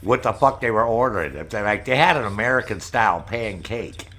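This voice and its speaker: A man's voice: fairly low pitch, lively intonation, brisk, fairly bright tone. A middle-aged man hosting a casual chat with viewers, telling rambling stories full of swearing. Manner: profane, rambling storyteller. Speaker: streamer host. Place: Maine, United States.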